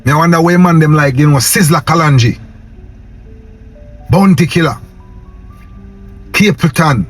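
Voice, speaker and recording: A man's voice: fairly high pitch, a little slow, slightly rough, faint music behind. A young Jamaican man with a Patois accent, ranting to camera in a casual vlog and tagging his lines with "yo" and "man". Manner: impassioned, preachy, repeats "yo" and "man". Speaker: vlogger.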